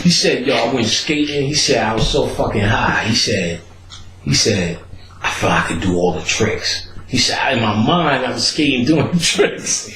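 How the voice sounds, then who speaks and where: Casting note: podcast host, male, animated storyteller, roomy echoey sound. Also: moderate pace, a little hiss or hum. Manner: animated, acts out quotes with big pitch jumps and laughter. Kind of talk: casual storytelling.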